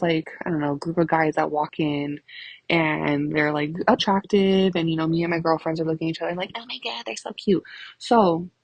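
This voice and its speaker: A woman's voice: deep voice, vocal fry, breathy edge, dry recording, rough recording. A young woman telling stories in a casual, rambling, profane way, laughing often. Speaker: vlogger. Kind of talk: casual storytelling.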